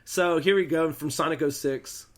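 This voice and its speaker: A man's voice: on the high side, normal speed, noisy background. A man hosting a podcast, chatting casually and animatedly, with laughs and stumbling restarts. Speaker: podcast host. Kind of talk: casual chat.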